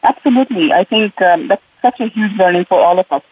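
A woman's voice: mid-range voice, fast, slightly rough. Female remote guest with a laugh and lots of fillers, phone-quality line. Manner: laughs often, many fillers. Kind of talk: casual interview chat. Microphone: remote call. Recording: tinny phone-like call line.

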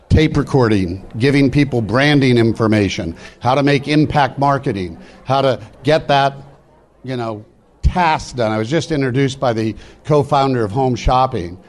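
A middle-aged man gives a motivational stage talk at a business event. His voice sits at an ordinary male pitch. He delivers it in a preachy, rapid-fire way, pushing hard to fire up the room. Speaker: motivational speaker. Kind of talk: live stage speech. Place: event hall.

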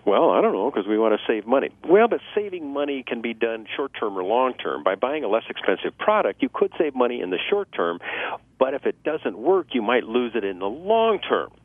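A male sales trainer on a radio show giving sales tips in a lively way, acting out customer dialogue and laughing at his own jokes. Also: mid-range voice, normal speed, dry recording. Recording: tinny phone-line radio audio, dry.

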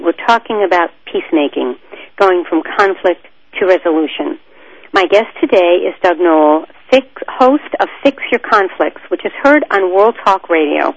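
A woman's voice: on the low side, no echo. Woman radio host, dry lo-fi sound. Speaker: radio talk show host. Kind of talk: radio interview.

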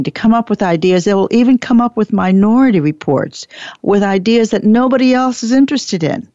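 A woman giving a training talk, animated, acting out bits of dialogue and repeating her points for emphasis. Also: fairly low pitch, dry recording. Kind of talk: lecture presentation. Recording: dull lo-fi dry recording.

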